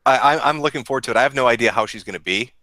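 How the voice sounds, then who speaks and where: A man's voice: mid-range voice, very fast, sharp tone, dry recording. A laid-back man in casual chat who swears offhandedly.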